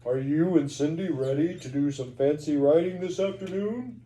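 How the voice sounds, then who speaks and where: A man voicing a calm, kindly doctor father in a storybook. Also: fairly high pitch, normal speed, roomy sound, a little hiss or hum, lightly acted, poor audio.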